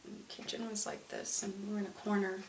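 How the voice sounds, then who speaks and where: Woman, emotional personal testimony, halting with pauses, roomy echo, distant mic, faint background noise. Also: medium pitch, little pitch movement. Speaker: survivor telling her story.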